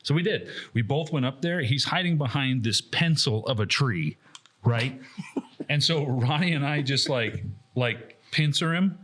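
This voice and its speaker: A man's voice: medium pitch, animated, measured pace, a bit bright. A man co-hosting a podcast, telling a story in casual chat. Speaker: podcast co-host.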